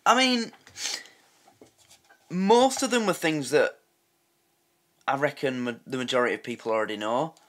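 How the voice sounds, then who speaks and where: A man's voice: medium pitch, expressive, moderate pace, long pauses, fairly bright tone. An English man hosting a reaction video, making sarcastic, swearing comments and laughing at his own jokes. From England.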